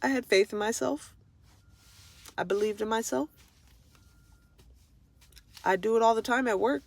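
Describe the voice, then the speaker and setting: A woman's voice: on the high side, measured pace, creaky. Frustrated woman ranting, blunt and profane. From Florida. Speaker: vlogger. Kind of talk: unscripted personal rant.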